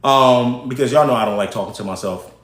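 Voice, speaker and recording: A man hosts a live stream, talking casually and directly to his viewers while giving commentary. His medium-pitched voice moves briskly, and the recording has a roomy echo.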